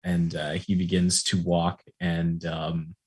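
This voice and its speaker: A man narrating as game master of a tabletop role-playing game, relaxed and rambling with many fillers. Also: sits low, slow pace, breathy edge.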